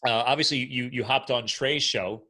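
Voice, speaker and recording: Guy hosting a podcast over a video call, bright voice, playful, gets squeaky on the jokes. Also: normal speed. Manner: animated, playful, jumps up in pitch when joking. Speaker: podcast host. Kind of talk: casual interview banter.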